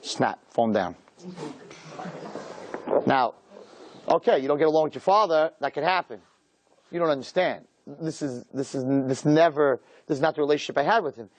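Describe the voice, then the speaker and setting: A man, a rabbi, telling a personal story in a lively way and acting out the dialogue. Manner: animated, acts out dialogue with quick pitch swings. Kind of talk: storytelling talk.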